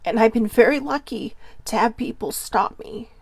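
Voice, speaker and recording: A woman host speaking earnestly with a Hawaiian accent, emotional and near tears, halting and repeating herself. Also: a little high, vocal fry, a little mellow, husky, no room sound. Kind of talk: emotional personal talk.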